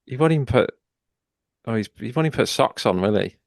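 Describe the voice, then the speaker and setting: A man's voice: mid-range voice, animated, a little fast, creaky, dry recording, clean studio sound. A man co-hosting a podcast, recounting scenes in casual chat. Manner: recounts scenes, quotes lines. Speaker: podcast co-host.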